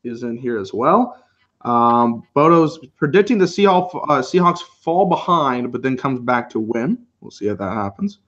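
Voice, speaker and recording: A man's voice: mid-range voice, moderate pace. Guy hosting a live game stream, chill play-by-play, kinda lo-fi mic. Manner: relaxed, laughs often, calls plays as they happen. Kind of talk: casual live play-by-play chat.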